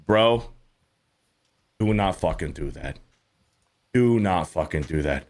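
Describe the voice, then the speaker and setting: A man hosting a casual podcast chat, talking bluntly with lots of swearing and mimicking others in high mocking voices. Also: expressive, takes it slowly. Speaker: podcast host.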